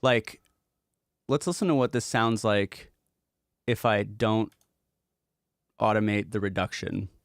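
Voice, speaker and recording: A rambling, casual man explains a mix as a music producer, swearing offhandedly. His voice sits on the low side and the sound is dry and close, with no room around it. He talks loosely and piles on fillers. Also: takes it slowly, long pauses, dry recording.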